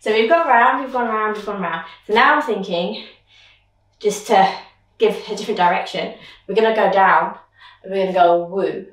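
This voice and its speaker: A young woman dance teacher thinking aloud as she choreographs, counting beats with vocal sounds like boom and dum. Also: moderate pace. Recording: roomy echo, mic at a distance.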